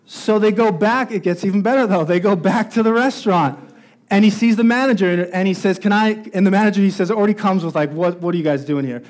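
A man's voice: high-pitched, fast talker. A man preaching a sermon as pastor, telling a story and growing more intense as it builds. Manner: storytelling, rising intensity at climaxes.

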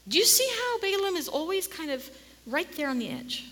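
A woman delivers a sermon with animated storytelling, her pitch leaping and sinking and sometimes dropping to a hush. Her voice is bright and breathy, with a long hall reverb behind it. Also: normal speed. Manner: animated storytelling, dips to near-whisper. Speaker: preacher.

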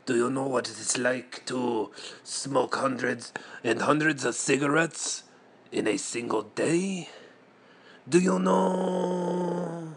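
A man delivering an absurdist comic monologue in a deadpan way, asking rambling rhetorical questions. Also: mid-range voice, unhurried, slight background noise. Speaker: comedian.

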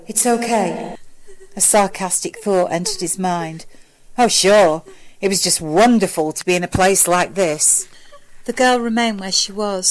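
A woman reading a fan fiction story aloud in a steady, measured narration. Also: medium pitch, poor audio. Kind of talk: audiobook narration.

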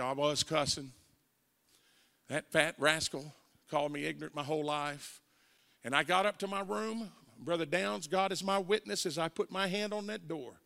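An evangelist in his forties, Southern-accented, acts out the voices in his story while preaching a testimony sermon in a church sanctuary. His voice is on the high side, creaky and bright, with a forceful tone, and the hall adds heavy reverb.

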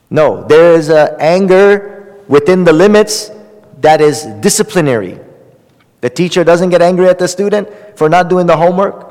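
Man, imam, Islamic lecture, earnest, repetitive, slightly high voice, long hall reverb. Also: darkish tone. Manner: earnest, repetitive, frequent restarts and fillers, Arabic terms woven in.

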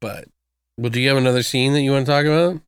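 A man's voice: mid-range voice, racing, smooth, no echo, studio quality. Profane man chatting about movies. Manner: profane, quotes movie lines in put-on voices. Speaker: podcast co-host. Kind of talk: casual movie review chat.

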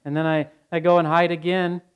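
A man's voice: a little high, little pitch movement, quick pace, clear, resonant tone. A male pastor preaching a sermon, blunt and earnest, telling stories in a conversational way. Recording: dull lo-fi sound.

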